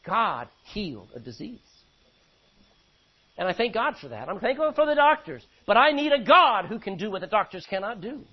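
A man preaching a sermon, swinging between loud emphatic bursts and quiet, low asides. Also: very animated, moderate pace, husky, lo-fi sound. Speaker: pastor.

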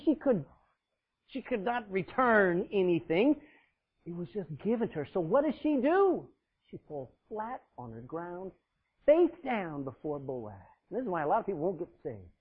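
A man preaching a sermon, emphatic, swinging between loud and quiet. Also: sits high, slightly rough. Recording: tinny phone-like sound.

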